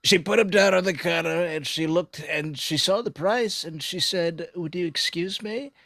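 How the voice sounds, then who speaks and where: A man's voice: sits high, moderate pace, bright, forceful tone, no echo, studio quality. A man doing an impression of a boastful older male politician, telling a rambling, childlike story with pompous boasts.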